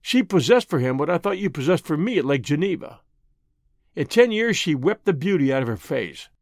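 A sardonic, irritable doctor, as a male reader does him speaks quickly and drily in an audiobook. The voice is fairly high for a man and lively in pitch. The recording is close and dry. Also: creaky, no echo. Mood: storytelling. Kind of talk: audiobook reading.

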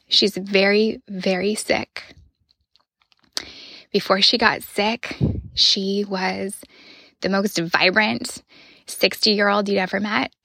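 A woman in her thirties hosting a podcast, sharing a personal reflection in an earnest voice that often drops to a soft whisper. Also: medium pitch, no echo. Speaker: podcast host.

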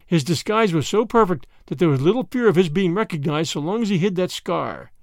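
A man voicing a serious, respectful middle-aged son who speaks quietly and evenly. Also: high-pitched, lively intonation, brisk, dry recording, studio quality. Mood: grave.

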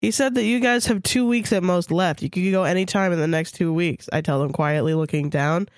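A woman's voice: fairly low pitch, a little fast, no room sound, clean studio sound. A woman co-hosting a podcast, reading a story aloud with casual, crude asides. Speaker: podcast co-host.

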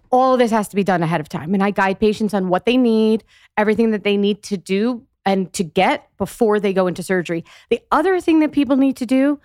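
A woman in her forties speaks as a podcast interview guest, walking through advice step by step with firm emphasis. Her voice sits at a middle pitch. The sound is dry and close. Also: dry recording. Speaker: physical therapist guest.

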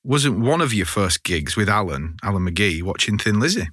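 Male host, lowish pitch, sharp bright tone, dry sound, keen and chatty. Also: animated, normal speed, dry recording. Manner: enthusiastic prompting questions. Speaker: podcast host. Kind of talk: casual interview.

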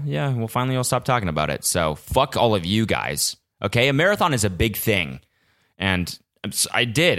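A man's voice: low voice, a bit bright. Frazzled swearing young man podcasting. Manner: frazzled, rambling, heavy swearing. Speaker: podcast host. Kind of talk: casual solo podcast monologue. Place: his apartment. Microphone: small vlog camera mic.

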